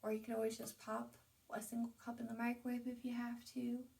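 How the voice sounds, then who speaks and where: Chatty woman with a gravelly voice. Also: a little high, completely flat delivery, fairly quick, darkish tone, distant mic. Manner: chatty, enthusiastic, with fillers and asides. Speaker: host. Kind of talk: casual home vlog, showing items to camera. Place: at home, indoors.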